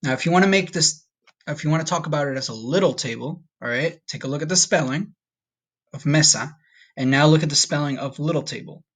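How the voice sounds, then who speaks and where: A man teaching a recorded Spanish vocabulary lesson, patient and upbeat, slowing down to repeat each word. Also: fairly high pitch, fairly bright tone. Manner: patient, slow repetition drills with upbeat asides.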